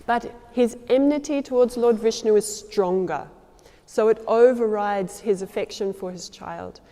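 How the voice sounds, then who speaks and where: A woman tells a devotional story in a sermon, her voice fairly high and mellow. She acts out her characters' lines by shifting her loudness and pace. The sound carries a long hall reverb. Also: a little slow.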